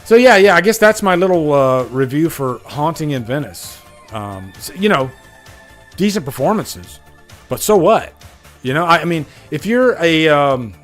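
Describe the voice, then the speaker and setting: A man's voice: medium pitch, fairly bright tone. A man hosting a casual live stream, chatting animatedly about movies he saw and answering viewers.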